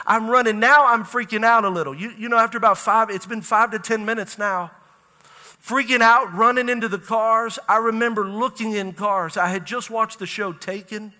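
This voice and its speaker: Male pastor, high bright voice, animated storytelling sermon, church hall reverb. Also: moderate pace. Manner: animated storytelling, acts out panicked dialogue, laughs at own jokes.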